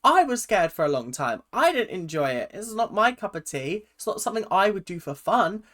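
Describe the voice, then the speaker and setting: A woman's voice: medium pitch, very animated, brisk, a bit bright. A young woman in her twenties giving casual, opinionated reaction commentary, chatting freely. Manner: chatty and opinionated, with frequent laughs. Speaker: reaction video host.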